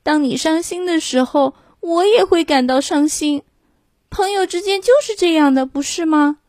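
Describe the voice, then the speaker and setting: A woman's voice: high-pitched, expressive, slow pace, vocal fry, no echo, studio quality, voice pushed up, exaggerated voice. A woman doing a tearful little lamb boy. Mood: tender. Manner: sobbing, tearful. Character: small sad male lamb, gentle and loyal.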